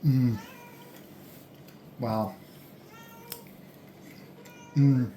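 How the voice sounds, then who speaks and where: Casual food-vlog host, rambling between bites, mid pitch, roomy echo, faint dish clatter. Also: steady tone, drawn-out words, warm tone, a little hiss or hum. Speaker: food vlogger. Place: indoors at home, eating a delivered meal. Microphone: camera on a tripod.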